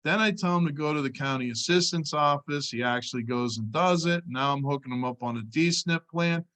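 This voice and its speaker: A man's voice: a little high, brisk, fairly bright tone. A man training insurance agents, telling a client story in a casual way and often checking in with "all right.".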